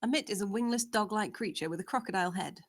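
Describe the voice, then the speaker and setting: A woman's voice: medium pitch, fast talker. A woman narrating, steadily reading out the scene descriptions of a screenplay.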